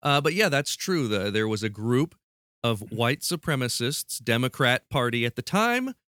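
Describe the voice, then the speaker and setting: Man, podcast host, playful quizmaster, mid pitch, dry studio sound. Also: big pitch swings, normal speed, a bit bright, dry recording. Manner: playful, restarts mid-sentence. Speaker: podcast host running a quiz. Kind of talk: casual podcast chat.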